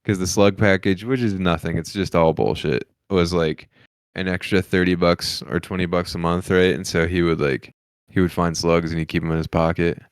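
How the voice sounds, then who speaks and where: Young man, deep pitch, dry close sound, easygoing anecdotes. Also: steady tone, normal speed, smooth, no room sound. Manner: laid-back storytelling with frequent "like" and laughter-prone asides. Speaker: podcast co-host. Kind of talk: casual comedic chat.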